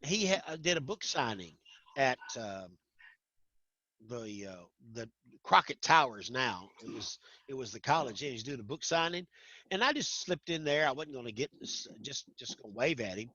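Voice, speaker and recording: Middle-aged man, animated raconteur with a bright, lively voice; dull dry recording. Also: mid-range voice, moderate pace, no room sound. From Arkansas. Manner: animated, acts out voices in anecdotes. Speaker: guest storyteller. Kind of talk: casual storytelling chat. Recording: dull lo-fi sound.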